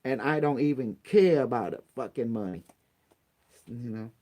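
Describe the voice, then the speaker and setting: A man's voice: mid-range voice, lively intonation, moderate pace, a little mellow. A man with non-native grammar ranting bluntly and profanely as a channel host. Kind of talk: casual rant on a phone call.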